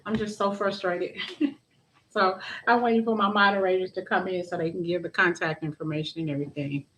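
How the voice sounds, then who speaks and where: A woman's voice: fairly low pitch, fairly even intonation, a little fast, a bit bright, a little hiss or hum, low-quality recording. A woman hosting a live tarot stream, chatting casually and greeting viewers by name, with frequent restarts.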